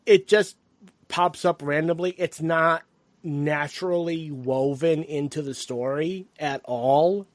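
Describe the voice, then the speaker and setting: A man co-hosting a film podcast, talking casually and acting out character lines in quick bursts. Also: fairly high pitch, no room sound. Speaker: podcast co-host.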